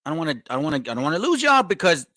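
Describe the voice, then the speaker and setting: Bright-voiced man earnestly preaching. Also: a little high, very animated, racing, no room sound. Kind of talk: religious exhortation.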